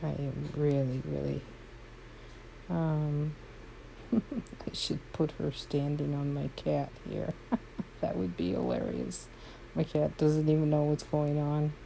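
Low, gravelly woman gushing over her horses. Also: lively intonation, slow, pauses often, warm tone, a little hiss or hum, rough recording. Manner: frequent exclamations. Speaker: horse game player. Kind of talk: casual gameplay commentary.

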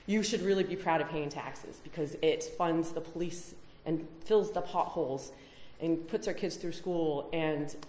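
A woman's voice: low voice, measured pace, few pauses, a little mellow, echoey room, a little hiss or hum. A woman giving a conference talk, emphatic, with rhetorical questions. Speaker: conference speaker. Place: conference hall.

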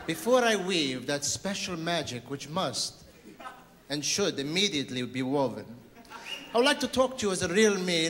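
Mock-sincere stand-up comic with a high voice. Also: male voice. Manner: mock-sincere, fake-tender delivery building to outraged lists. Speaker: stand-up comedian. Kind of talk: stand-up routine. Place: concert hall stage. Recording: live club recording with loud crowd.

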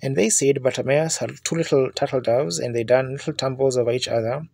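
A man's voice: medium pitch, fairly quick, creaky, darkish tone, dry recording. A man preaching a sermon in fervent storytelling style, building to emphatic outbursts. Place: church meeting.

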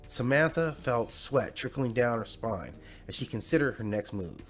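A man's voice: medium pitch, expressive, normal speed, soft background music. A man narrating a fan fiction bedtime story in a dramatic storytelling manner.

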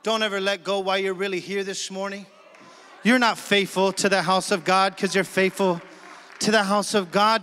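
A man's voice: high-pitched, a bit bright, slight background noise. A male pastor preaching a sermon with emphatic energy, calling out to his congregation in a church sanctuary. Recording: long church hall reverb.

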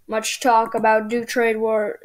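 High-voiced woman hosting gameplay commentary. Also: unhurried. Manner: excitable, thinking aloud while playing. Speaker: gaming channel host.

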